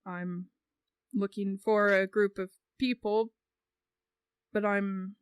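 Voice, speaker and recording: A woman's voice: medium pitch, fairly even intonation, slow pace, clear, resonant tone, dry recording, studio quality, lightly acted. A woman voicing a polite, flustered young male elf who keeps trailing off and apologizing. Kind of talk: tabletop role-play.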